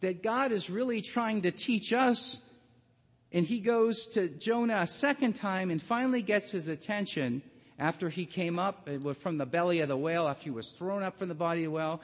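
A man preaching a sermon and telling the story dramatically, his voice swinging between loud and hushed. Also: sits high, moderate pace, long reverb tail.

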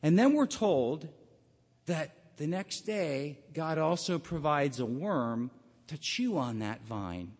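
A man preaching a sermon and telling the story dramatically, his voice swinging between loud and hushed. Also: fairly high pitch, very animated, takes it slowly, husky, big-room sound.

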